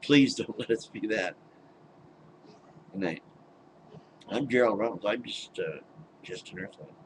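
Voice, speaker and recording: A man's voice: on the low side, a little slow, noisy background. An older man ranting into his webcam at home, blunt and exasperated, swearing and scoffing in disbelief. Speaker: webcam vlogger. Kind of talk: angry personal rant.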